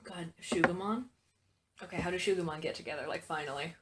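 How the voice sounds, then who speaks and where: A woman's voice: lowish voice, a little fast. A young woman chatting casually with a friend, swearing a lot and often breaking into laughter. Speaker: podcast co-host. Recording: echoey room with faint noise.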